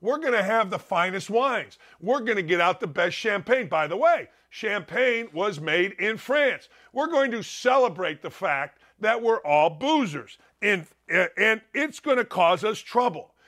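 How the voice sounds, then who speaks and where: Brash middle-aged male talk-show host, high-pitched, loud storyteller who mutters, then shouts. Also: lively intonation, a little slow, few pauses. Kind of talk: opinionated sports talk monologue.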